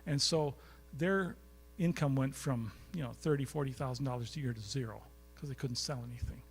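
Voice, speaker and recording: Speaking briskly in a mid-range voice with a breathy edge, a male guest speaker tells stories in a lecture before a live audience in a college recital hall. His delivery is chatty and anecdotal, and he frequently quizzes the audience.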